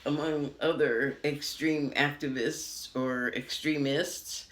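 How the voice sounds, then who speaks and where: A woman's voice: low voice, steady tone, slow. An American woman giving a casual TV review, rambling and laughing often. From United States. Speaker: TV critic. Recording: roomy echo.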